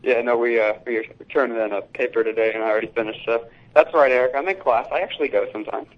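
A young man calling into a radio show from a school hallway over the phone, rambling and halting as he talks football. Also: medium pitch. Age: young adult. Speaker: caller. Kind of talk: casual call-in chat. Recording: dull lo-fi phone line.

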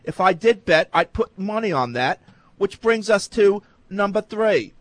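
A man's voice: high-pitched, animated, unhurried, no echo. A man hosting a sports talk show, reading listener questions aloud and answering them with sardonic, mocking humor.

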